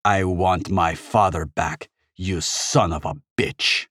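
A man's voice: deep voice, steady tone, slow, fairly bright tone, no room sound, clean studio sound, exaggerated voice. A man voicing a vengeful, proud male swordsman, declaiming his lines in a raised, intense voice. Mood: cold.

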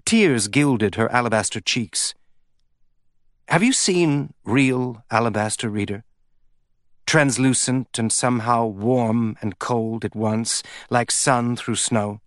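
A man reads an audiobook in a measured, even storytelling style, his voice sitting in the mid range. The scripted narration is recorded cleanly in a studio with no room sound.

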